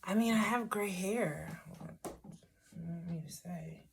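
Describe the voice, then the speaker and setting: A woman's voice: lowish voice, unhurried, creaky, slight background noise. A middle-aged woman talking casually through a hair tutorial, rambling with wry asides to herself. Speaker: hair vlogger.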